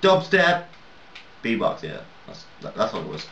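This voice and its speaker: A man with a fairly low voice rambles through casual gaming commentary, mocking himself and swearing freely. He sounds set back from a dull, lo-fi mic in an echoey room, with a faint hiss underneath. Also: brisk, creaky, fairly bright tone. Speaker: gaming video maker. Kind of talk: casual let's-play commentary. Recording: roomy, distant, dull, lo-fi mic.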